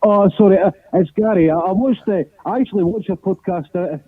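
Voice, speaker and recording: A man's voice: high voice, a little fast, dry recording. A man with an Edinburgh Scottish accent, calling in to a football phone-in show, rambling with lots of stumbling restarts and casual swearing. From Scotland. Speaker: caller. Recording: dry tinny phone line.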